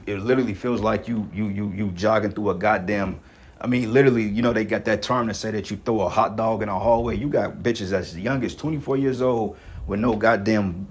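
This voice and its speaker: Husky, rough-talking male preacher. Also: on the low side. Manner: blunt, rough-talking, profane. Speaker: online preacher. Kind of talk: profane street-preaching rant.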